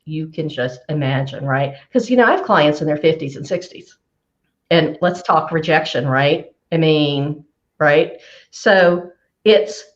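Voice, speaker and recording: A woman career coach giving advice on a live show, emphatic and animated, repeating her key phrases for effect. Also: lowish voice, lo-fi sound.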